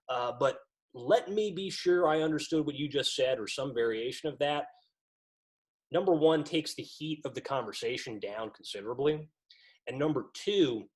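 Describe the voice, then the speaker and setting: A man training lacrosse officials in an instructional talk, lively and acting out what coaches say. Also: medium pitch. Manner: lively, acts out quoted coaches.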